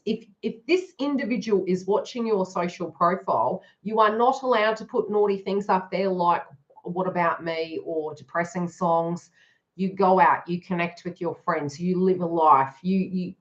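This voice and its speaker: Chatty lower-voiced woman doing a reading. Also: moderate pace, fairly bright tone, lo-fi sound. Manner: chatty, frank and joking. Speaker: tarot reader. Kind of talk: live-streamed card reading.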